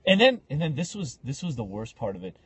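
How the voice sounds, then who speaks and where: A man hosting a podcast, casually telling animated stories and acting out the people in them. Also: medium pitch, quick pace, breathy edge, no room sound. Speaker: podcast host. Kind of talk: casual storytelling chat.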